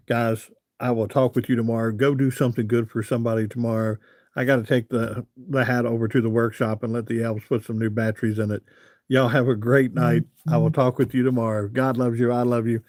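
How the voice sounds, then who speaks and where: A man's voice: mid-range voice, level tone, brisk, darkish tone, dry recording, studio quality. A man hosting a casual live stream, reading viewer comments aloud in a folksy way and laughing often.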